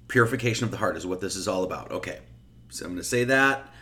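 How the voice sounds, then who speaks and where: A man's voice: sits low, quick pace, sharp tone. Give me a conversational man explaining scripture in a sermon. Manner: conversational, rhetorical questions, frequent "okay?" and "right?"; reads scripture verses in a raised, emphatic voice. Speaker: teacher of esoteric Bible study.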